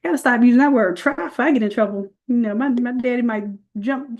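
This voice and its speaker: A woman's voice: fairly high pitch, fast, darkish tone, lo-fi sound. A woman leading a live online design class, chatty and folksy, calling her viewers y'all as she walks through the steps. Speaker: design instructor.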